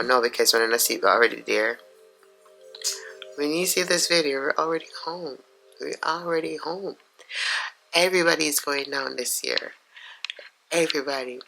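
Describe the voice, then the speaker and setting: A middle-aged woman with a Jamaican accent chatting to camera in her home office, hoarse and raspy from being sick, chatty and talking to herself in asides. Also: sits low, moderate pace, long pauses, pushed and bright, faint music behind, rough recording. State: hoarse, sick with sore throat. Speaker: vlogger. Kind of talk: casual vlog chat to camera.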